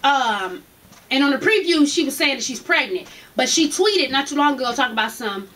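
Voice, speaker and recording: A woman's voice: sits high, animated, a little fast, bright, forceful tone. A young woman recapping reality TV in a brash, profane, gossipy way, laughing often. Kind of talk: casual gossip review.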